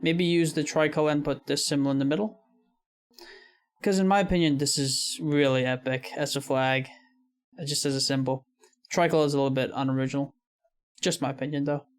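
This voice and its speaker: Young american guy reacting to a vid, slightly high voice, lots of uh and little laughs. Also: steady tone, brisk, smooth. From United States. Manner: laughs often, many fillers and hedging opinions. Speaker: reaction video host. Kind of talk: casual commentary while watching a video.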